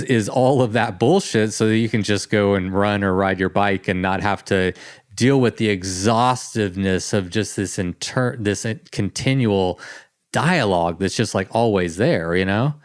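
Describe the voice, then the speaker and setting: Chatty male podcast host, smooth dry voice. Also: on the low side, dry recording. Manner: animated, chatty, laughing often. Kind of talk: casual interview chat.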